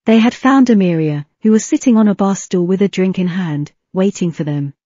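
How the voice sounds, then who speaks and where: A woman narrates a fantasy fan fiction audiobook in a steady reading with a few slips. Her voice is mellow and warm, close to the mic in a dry room. The recording sounds a little dull and lo-fi. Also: medium pitch, brisk, dry recording.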